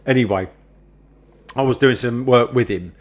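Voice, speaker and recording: A man's voice: medium pitch, normal speed. Sweary man telling a story. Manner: swearing, animated anecdotes with acted-out quotes. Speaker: podcast host. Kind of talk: casual storytelling chat.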